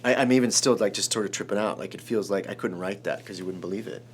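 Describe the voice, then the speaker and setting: Screenwriter guest, man, forties, from Chicago, low voice, excitable storyteller who restarts sentences. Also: fast talker, slight background noise. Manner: animated, rambling storyteller, restarts often. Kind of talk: emotional storytelling in an interview.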